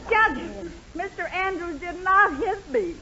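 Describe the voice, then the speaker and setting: A woman's voice: very high-pitched, sing-song, a little slow, a crowd in the background, heavily acted. An actress playing a fussy, flustered middle-aged mother who gets exasperated, in 1940s radio comedy acting. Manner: fussing, exasperated. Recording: dull 1940s radio broadcast.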